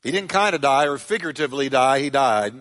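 A man's voice: on the high side, fast, fairly bright tone, big-room sound. A man preaching as a pastor, reading scripture aloud with dramatic voiced quotes and leading a prayer in a church sanctuary. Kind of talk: sermon.

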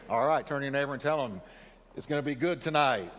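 A male pastor delivering an earnest sermon at a middle pitch. He leads his congregation through scripture readings and prayer. His voice carries the long reverb of a church sanctuary. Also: expressive, fast talker, fairly bright tone.

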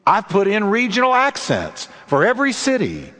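A preacher doing a proud, easygoing inventor. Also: male voice, high-pitched, huge pitch swings, normal speed, sharp tone, big-room sound, pitched above the performer's own voice, heavily acted. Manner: casual, showing off. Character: proud male inventor, modest but boastful.

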